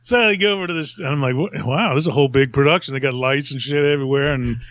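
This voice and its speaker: A man's voice: medium pitch, fast, fairly bright tone, dull audio. Rambling, chuckling man telling a story. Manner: rambling, self-mocking, laughs often. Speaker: podcast host telling a story. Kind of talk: casual storytelling.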